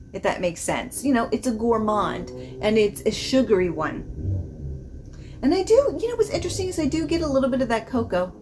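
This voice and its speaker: A woman's voice: a little high, a little mellow, slight background noise. A woman vlogging a casual fragrance review, chatty and rambling, laughing often as she describes the notes. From not from the American South.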